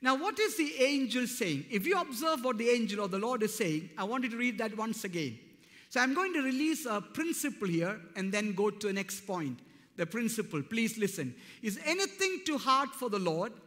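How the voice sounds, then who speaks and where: A man's voice: high-pitched, expressive, moderate pace, fairly bright tone. A man preaching a sermon as pastor, speaking emphatically and building to fervent declarations. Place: church hall. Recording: long hall reverb.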